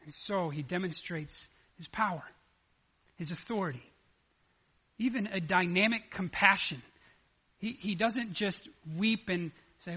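A man preaching a sermon, animated and acting out the scripture dialogue as he retells it. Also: high voice, measured pace, long pauses, husky. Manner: animated, acts out the scripture dialogue in lively voices. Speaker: pastor.

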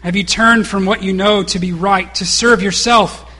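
A man's voice: sits high, fairly even intonation, moderate pace, bright, forceful tone. A middle-aged man preaching a sermon, mixing rhetorical questions with casual asides. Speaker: pastor.

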